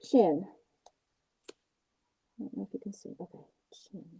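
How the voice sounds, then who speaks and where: An older woman with a mellow, slightly rough mid-range voice and some vocal fry hosts a crafting livestream, speaking at a measured pace on a low-quality recording. As a puppet maker, she chats casually and self-deprecatingly, narrating her work on a puppet as she goes, first on an outdoor porch and then in her home workshop.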